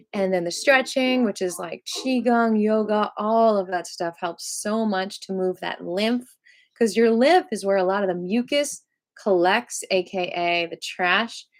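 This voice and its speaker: A woman leads a live-streamed qigong class in a relaxed, talkative manner. She fills her explanations with "like" and "so" and speaks to her viewers in a mid-range voice. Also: mid-range voice. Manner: chatty and loose, leans on "like" and "so"; friendly, invites viewers to comment. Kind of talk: casual live-stream teaching.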